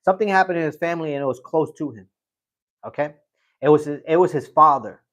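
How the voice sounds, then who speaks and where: Middle-aged male streamer, casual and rambling, reads chat aloud, repeats phrases, voice a bit high. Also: fast, a bit bright. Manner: rambling storyteller, repeats himself. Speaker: livestream host reading chat.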